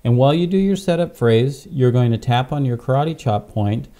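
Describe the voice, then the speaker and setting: A man's voice: mid-range voice, expressive, normal speed, mellow. A man, a pastor, teaching a tapping technique step by step, wearing a clip-on microphone and often checking in with "okay?". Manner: patient, step-by-step, frequent "okay?" check-ins. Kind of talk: instructional demonstration.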